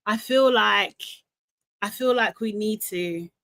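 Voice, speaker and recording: A young woman hosting a live recap stream, talking in an animated, ranting way with quick laughs and repeated words. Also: mid-range voice, vocal fry. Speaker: host of a live reality TV recap show. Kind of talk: casual live-stream chat.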